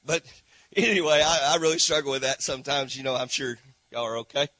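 A middle-aged man from Texas, preaching a sermon as a missionary, telling stories animatedly and swinging from hushed asides to shouting. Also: medium pitch, a little fast, no echo.

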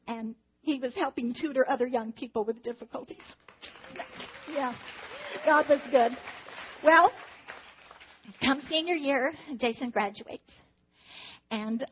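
A middle-aged mother sharing a personal testimony about her children, emotional and animated, acting out the dialogue. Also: on the high side, slightly rough. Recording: dull lo-fi recording.

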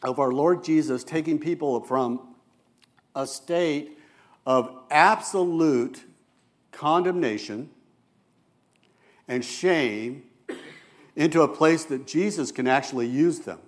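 A man preaching a sermon as a church elder, speaking earnestly and turning quiet and soft when he voices gentle quoted words. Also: fairly high pitch, takes it slowly, long pauses.

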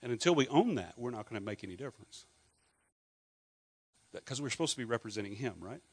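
A man's voice: medium pitch, expressive, quick pace, husky. A middle-aged Scottish man preaching a sermon in a conversational way, asking the congregation questions and adding joking asides. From Scotland. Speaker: pastor.

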